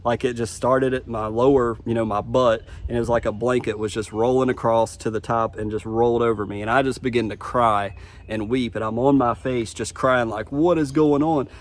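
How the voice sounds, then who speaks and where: A man's voice: medium pitch, little pitch movement, brisk, slight background noise. A man telling his personal testimony in a vlog, speaking earnestly and from the heart, often restarting his sentences. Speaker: vlogger.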